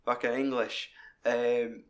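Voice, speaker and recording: A man co-hosting a laid-back film chat. He talks in loose, rambling stretches and swears freely. His voice sits at an ordinary, mid-range pitch. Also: little pitch movement, takes it slowly. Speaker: podcast co-host. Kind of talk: casual film discussion chat.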